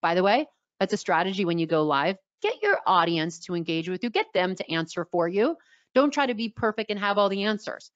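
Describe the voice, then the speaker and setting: Middle-aged woman, New York accent, slightly raspy, energetic webinar coach, dry dull recording. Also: mid-range voice, brisk, no echo. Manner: energetic, repeats key words for emphasis. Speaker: social media coach. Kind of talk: webinar teaching.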